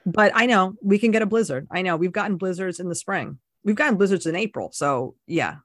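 A woman's voice: fairly low pitch, animated, brisk, fairly bright tone, dry recording, clean studio sound. A woman co-hosting a podcast, chatting casually and upbeat, explaining things from her prepared notes. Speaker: podcast co-host. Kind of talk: casual chat.

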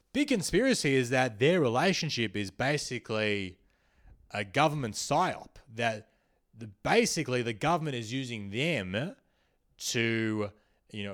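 Young male comic host, riffing satirical monologue, mid-pitched voice, loose rambling delivery with loud jumps. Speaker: comedy podcast host.

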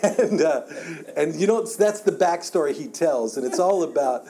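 A man leads a church Bible class with a mellow, warm tone that sits a touch higher than most men's. He talks conversationally, often doubling words and restarting sentences as he works through his points. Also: animated, normal speed. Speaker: Bible study teacher.

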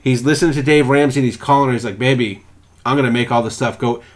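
Profane, animated young man chatting. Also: mid-range voice, fast talker. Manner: profane, animated storytelling with put-on quotes. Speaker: podcast co-host. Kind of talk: casual chat.

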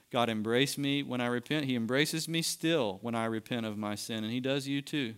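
A man's voice: mid-range voice, clear, resonant tone. A man preaching a sermon to his church, building to emphatic peaks. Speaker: pastor. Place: church sanctuary.

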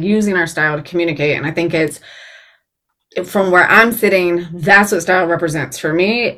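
A woman's voice: lowish voice, fairly bright tone. An American woman in her thirties hosting a podcast, gushing and slangy in casual chat. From United States. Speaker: podcast host.

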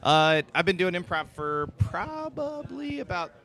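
A man's voice: high voice, very animated, measured pace, a bit bright. A man who performs improv, chatting casually and rambling with jokes and frequent laughter. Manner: jokey, rambling, laughs a lot. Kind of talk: casual podcast chat.

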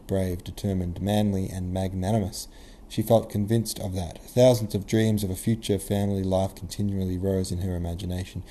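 A man narrating a classic novel as an audiobook, measured and even-toned. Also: low voice.

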